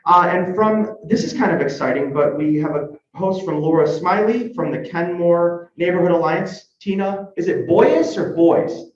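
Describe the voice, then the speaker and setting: A man's voice: high voice, normal speed, few pauses. A man emceeing a club meeting in a casual, joking, upbeat way, quizzing the crowd as he goes. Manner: chatty, joking, upbeat, asks the crowd questions. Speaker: club member giving history segment. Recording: echoey room, dull lo-fi sound.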